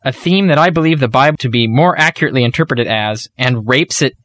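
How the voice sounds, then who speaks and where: A man co-hosting a podcast, reading a listener's text in a steady, measured way. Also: mid-range voice, no room sound. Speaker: podcast co-host reading submissions.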